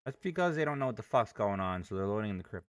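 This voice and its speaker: A man's voice: fairly low pitch, expressive, racing, no echo, clean studio sound. A man livestreaming his day trading, ranting with heavy profanity. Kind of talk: live trading stream commentary.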